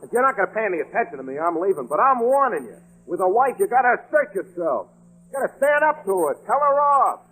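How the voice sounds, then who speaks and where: An actor playing a wisecracking, scatterbrained male secretary, in 1940s radio comedy style with deadpan gags and touchy, wheedling complaints. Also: sits high, fast talker, low-quality recording. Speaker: secretary Frankie Remley. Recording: old radio broadcast with music.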